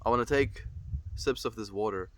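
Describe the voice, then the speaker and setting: Snuffly low-voiced man livestreaming. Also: normal speed, noisy background. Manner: rambling, reflective, greets viewers warmly. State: stuffy nose, snuffly. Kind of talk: casual livestream chat.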